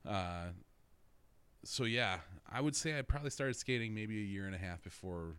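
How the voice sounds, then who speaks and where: A man's voice: lowish voice, expressive, normal speed, a bit bright, smooth. A young man telling a rambling story in casual chat, swearing constantly and laughing through his own stories.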